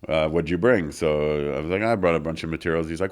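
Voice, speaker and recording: Speaking quickly with few pauses, a very deep-voiced man shares a casual, drawn-out anecdote as a studio interview guest. He imitates the people in the story and fills it with fillers.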